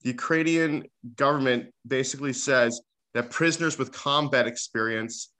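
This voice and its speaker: Bright-voiced son hosting a podcast. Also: male voice, medium pitch. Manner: halting, repeats himself, tries to steer the talk. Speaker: host, son. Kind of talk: casual family podcast chat.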